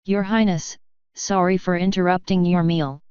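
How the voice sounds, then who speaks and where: A woman voicing a fierce, quick female griffin guard with a curt, commanding manner, in a dull lo-fi recording. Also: lowish voice, fairly even intonation, a little mellow, clear, resonant tone, dry recording, lightly acted.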